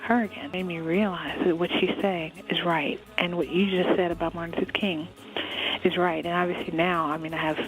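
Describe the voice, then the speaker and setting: A woman hosting a radio interview in a chatty, candid manner, often circling back and restarting her sentences. Her voice sits on the low side for a woman, over a soft music bed. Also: little pitch movement, fairly quick, low-quality recording. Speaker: radio host.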